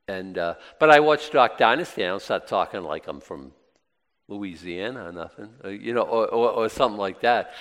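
A man's voice: lowish voice, a bit bright. A man with a Boston accent teaching scripture in a folksy, rambling way, often restarting his sentences. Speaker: preacher. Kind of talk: casual Bible teaching. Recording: long hall reverb.

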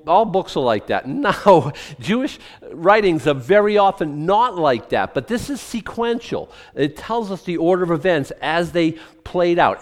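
A man's voice: a little high, in a large hall. A man preaching a sermon as pastor, conversational and joking, full of asides and restarts.

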